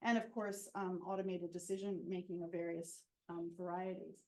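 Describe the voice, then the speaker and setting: A woman's voice: on the low side, flat delivery, moderate pace. A woman giving a conversational seminar talk without a microphone, thoughtful and full of ums and restarts. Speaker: seminar speaker. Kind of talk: conversational presentation. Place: seminar room. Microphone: no microphone, room pickup. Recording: roomy hall sound.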